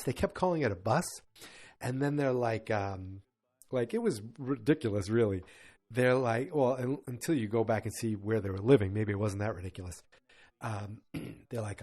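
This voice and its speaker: A man hosting a podcast, casually retelling an old sitcom episode in a rambling, animated way and quoting the characters. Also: medium pitch. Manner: rambling, animated retelling with quick quoted voices. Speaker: podcast host.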